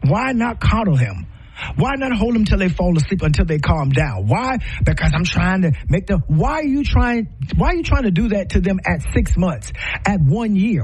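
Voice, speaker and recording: A man's voice: sits high, big pitch swings, normal speed, a little mellow, breathy edge. A middle-aged man hosting a show, giving impassioned, preacher-like commentary full of rhetorical questions and repetition.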